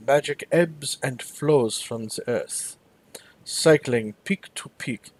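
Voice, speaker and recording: A man voices a grave, ponderous envoy with a German accent. He drags out each word slowly, savoring every vowel and consonant. The recording is dry and close. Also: medium pitch, darkish tone, dry recording.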